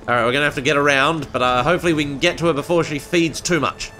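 A man giving casual, excitable commentary as he plays a video game, talking to himself as he goes. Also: on the high side, rapid-fire. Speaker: gameplay streamer. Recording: game music behind.

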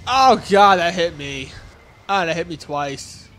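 This young let's-play gamer has a high, bright voice and lively intonation but keeps a slow pace. He jokes around casually while playing, grunting and yelping when he gets hit and goofily talking back to the enemies.

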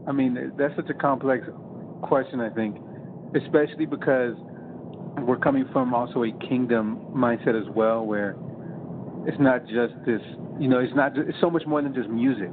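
Male podcast guest, thoughtful and searching for words; phone-line audio with steady hiss. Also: medium pitch, normal speed. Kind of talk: casual podcast chat.

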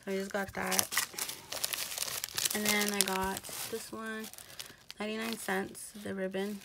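A woman's voice: mid-range voice, level tone, measured pace, vocal fry. A woman vlogger losing her voice, casually showing craft items and prices with many fillers, a child singing behind her. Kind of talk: casual haul show-and-tell. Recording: loud background noise. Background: child singing in the background.

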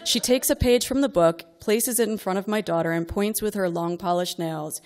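A woman's voice: medium pitch, moderate pace, darkish tone. A middle-aged woman reading a comic personal story aloud to a live audience, wry and exasperated, building to outbursts.

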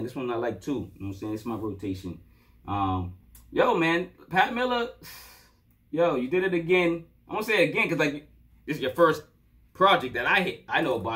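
With a medium-pitched, fairly bright voice, a man casually reviews a hip-hop mixtape from his home computer. The talk is loose, full of playful asides and plenty of "you know what I'm saying."

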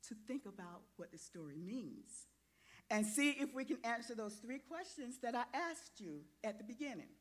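A woman with a fairly high voice leads a children's sermon in a church. She talks in an animated, coaxing way, drawing the children and grown-ups into the lesson. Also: moderate pace. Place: church sanctuary.

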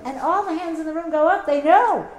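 A middle-aged woman giving a teach-in as an activist, telling lively anecdotes and acting out the voices of people she quotes. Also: very high voice, fairly quick. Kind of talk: public talk with storytelling. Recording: echoey room, faint background noise.

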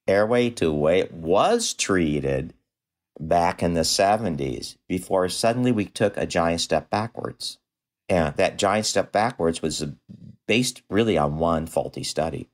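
Low-voiced older man, animated storyteller. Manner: animated, jumps high in pitch when acting out quotes. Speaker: dentist guest. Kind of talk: podcast interview storytelling.

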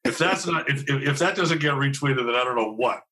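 A man's voice: mid-range voice, lively intonation, fairly quick, sharp tone. A man as a podcast guest in casual chat, making wry, self-deprecating jokes.

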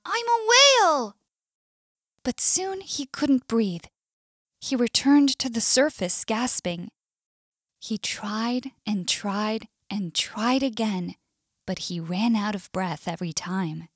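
A woman with an American accent reading a story aloud in slow, clear scripted narration for language learners. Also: medium pitch, no room sound, clean studio sound. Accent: US English.

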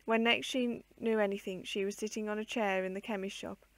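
A woman reading an old children's book aloud in a measured, expressive way. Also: medium pitch, no echo. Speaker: storyteller.

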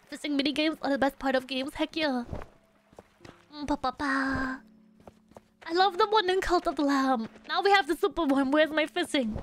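Brief: young woman game streamer, high bright-toned voice, giggly and playful, faint music underneath. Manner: playful, giggly, hums little nonsense syllables. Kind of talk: casual live game-stream chat.

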